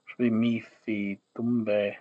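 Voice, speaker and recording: With phone-quality sound, a lowish, flat voice slowly works through the construction of a made-up language as this man streams from his desk. He mutters and thinks aloud, trailing off and correcting himself while keys click and clatter behind him.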